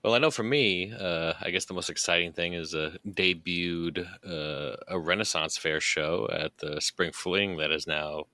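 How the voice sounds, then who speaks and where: Podcast co-host, man, very deep but bright voice, jokey, dry close sound. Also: dry recording. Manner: jokey, laughs often, quick asides. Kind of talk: casual chat.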